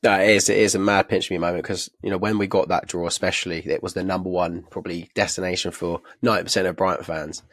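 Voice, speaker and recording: Fast-talking young man, low voice. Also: no room sound, clean studio sound. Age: young adult. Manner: fast, laughing banter. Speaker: podcast co-host. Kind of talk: casual football podcast chat.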